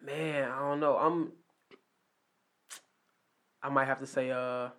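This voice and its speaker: A man in casual podcast chat, relaxed and enthusiastic. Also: mid-range voice, slow. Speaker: podcast co-host.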